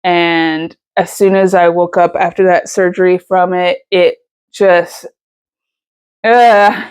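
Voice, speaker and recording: A woman's voice: fairly low pitch, fairly even intonation, a little slow, smooth. Emotional woman vlogging. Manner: emotional, rambling with many fillers and restarts. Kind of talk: casual personal vlog.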